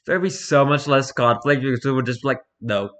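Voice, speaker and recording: A man reading internet posts aloud for comedy, with wry, dry asides and bursts of loud mock-arguing. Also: medium pitch, steady tone, quick pace.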